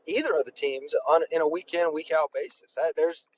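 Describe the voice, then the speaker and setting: A man co-hosting a racing podcast, joking and animated in casual chat. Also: a little high, a little fast, lo-fi sound, slight background noise. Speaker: podcast co-host.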